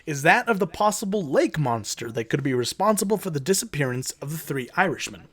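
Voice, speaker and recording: Lively, joking man podcast host. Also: on the high side, brisk, breathy edge. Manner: joking, profane, laughs often. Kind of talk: casual chat, reading out a story.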